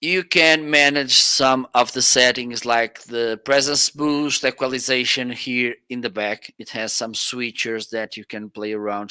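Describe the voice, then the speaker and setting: Slow, bright-voiced man demoing microphones. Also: medium pitch, clean tone. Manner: casual, explanatory, trying out microphones on air. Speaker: product reviewer. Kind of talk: live-stream product demo. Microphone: studio microphones on a boom arm.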